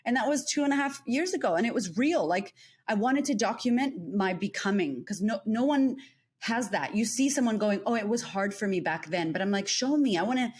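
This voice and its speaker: An American woman in her thirties tells her story as a guest with lively energy. She acts out quoted conversations as she goes. Her voice sits in an everyday middle pitch. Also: a little fast, breathy edge. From United States. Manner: animated, acts out quoted dialogue. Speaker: guest, confidence coach. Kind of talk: candid interview storytelling.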